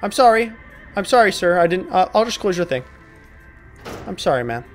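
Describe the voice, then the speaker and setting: A gaming video host plays through a horror game, bantering with the characters in a joking, profane, mock-apologetic way. His voice is high and sing-song, his pace normal, with faint music behind him.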